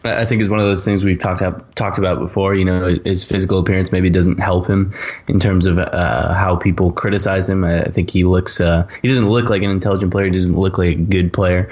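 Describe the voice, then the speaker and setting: A man from America co-hosting a casual football podcast in a measured, analytical way. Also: low-pitched, steady tone, muffled recording. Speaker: podcast co-host.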